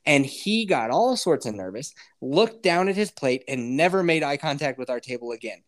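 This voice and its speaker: Animated, profane man telling stories. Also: on the high side, normal speed. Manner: profane, animated, laughs often. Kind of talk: casual storytelling chat.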